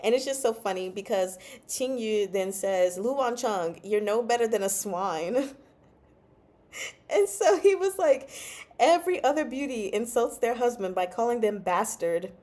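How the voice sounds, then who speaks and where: A woman's voice: fairly high pitch, lively intonation, measured pace, dark tone. A woman hosting a casual livestream chat about a novel, laughing often and reading out chat comments. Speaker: book club host.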